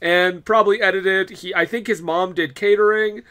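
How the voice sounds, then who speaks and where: Bright, high-voiced joking man. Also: fairly even intonation, moderate pace. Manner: joking, laughs often. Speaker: podcast co-host. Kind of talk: casual chat.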